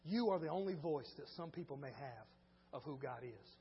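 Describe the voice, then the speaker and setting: A male pastor preaching a sermon, moving between quiet storytelling and shouted preaching in casual speech. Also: a little high, lively intonation, normal speed, in a large hall, muffled recording, slight background noise. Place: church.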